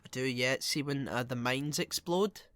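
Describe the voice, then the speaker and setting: A man co-hosting a podcast, chatting playfully with quick jokey asides. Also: medium pitch, a bit bright, no echo. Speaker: podcast co-host. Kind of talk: casual chat.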